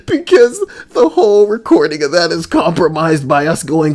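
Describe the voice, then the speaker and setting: A man's voice: a little high, very animated, moderate pace, few pauses, a little mellow. A man streaming and chatting casually, joking and rambling in a goofy way.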